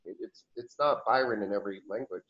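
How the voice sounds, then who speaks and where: A man talks quickly as a channeled higher self in a question-and-answer session, rambling, restarting, and chuckling. The audio sounds dull.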